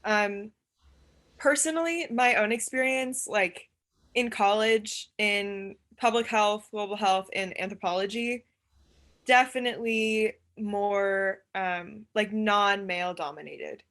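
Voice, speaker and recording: A young woman talking as a podcast guest, casual and hesitant, with many pauses. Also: medium pitch, a bit bright. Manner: hesitant, lots of fillers and restarts. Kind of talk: casual chat.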